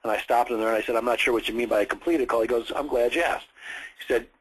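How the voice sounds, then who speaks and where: Telling a sales story in a training session, a man brings his anecdote to life by acting out each quoted voice. He speaks fast in a slightly rough, mid-range voice, and the recording quality is low.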